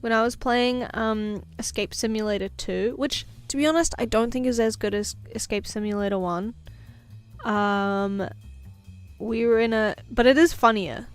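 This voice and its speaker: A chatty woman with a non-American English accent rambling and joking on a live art stream, with a fairly high voice. Faint music plays behind her as she talks between drawing steps. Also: normal speed, clean tone. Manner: chatty, rambling, jokey, with frequent laughs and fillers. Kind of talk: casual live-stream chat while drawing.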